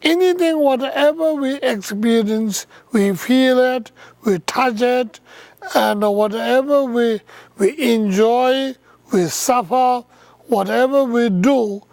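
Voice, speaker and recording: A man giving a slow, halting dharma talk as a Buddhist teacher, with thoughtful pauses and non-native English phrasing. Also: extremely high pitch, vocal fry, a little mellow, no room sound.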